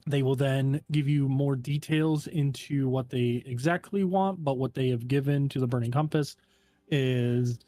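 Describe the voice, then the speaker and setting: A man acting as game master, explaining a contract to the players in a relaxed, halting way with many fillers. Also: mid-range voice. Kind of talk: narrating a tabletop game.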